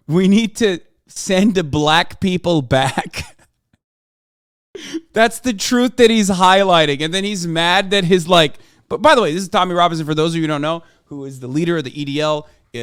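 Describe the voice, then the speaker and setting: A male streamer talking casually and bluntly, swearing often as he reacts. His voice sits high for a man and sounds smooth and clean. The sound is dry and close. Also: moderate pace, no echo. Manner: profane, blunt, conversational.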